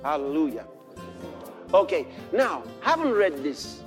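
High-voiced, animated male preacher. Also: a little slow, music in the background. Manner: impassioned preaching that builds to shouts; storytelling with scripture readings. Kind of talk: sermon.

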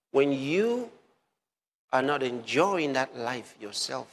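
A man preaching a sermon, slowing down and repeating phrases for emphasis. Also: medium pitch, sing-song, husky, long reverb tail. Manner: slow, emphatic repetition of phrases.

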